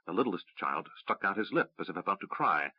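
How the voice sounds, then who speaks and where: A man narrating a fantasy audiobook in a steady, measured reading. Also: low voice, husky, dry recording. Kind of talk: scripted narration. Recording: dry, slightly dull audiobook recording.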